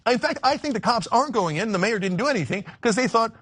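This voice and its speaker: A man making political commentary in a played clip, arguing forcefully. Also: extremely high pitch, lively intonation, fast talker, dry recording. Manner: forceful, argumentative.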